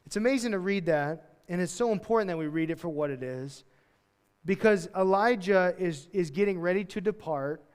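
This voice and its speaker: A man delivers a sermon in a loose, conversational way, dropping slang and acting out the voices in his reading. His voice sits high for a man. The sound carries the long reverb of a church hall. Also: animated, normal speed, smooth. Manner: conversational, slangy preaching with acted-out quotes. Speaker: pastor.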